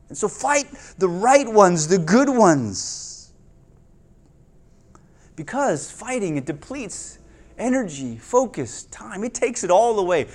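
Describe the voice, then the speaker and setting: A male pastor giving a conversational sermon, often checking in with the listeners with "right?" and swinging between louder and quieter delivery. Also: high voice.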